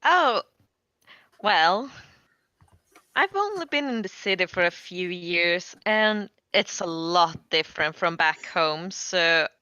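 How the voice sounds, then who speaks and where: A woman's voice: fairly low pitch, lively intonation, slow pace, bright, forceful tone, clear, resonant tone, no room sound, dull audio, full character voice. A woman voicing a polite, refined dragonborn woman who sounds eager and curious.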